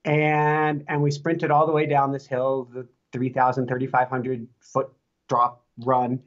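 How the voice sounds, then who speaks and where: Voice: mid-range voice, unhurried. Co-host on a dull lo-fi line. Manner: relaxed anecdotal talk with fillers. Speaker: podcast co-host. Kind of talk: casual chat.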